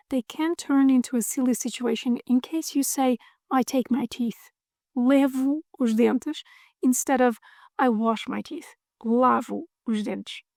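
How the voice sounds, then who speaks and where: A woman giving a playful scripted pronunciation lesson, drilling words slowly and repeating them. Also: high voice, warm tone, no echo, studio quality. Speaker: language teacher.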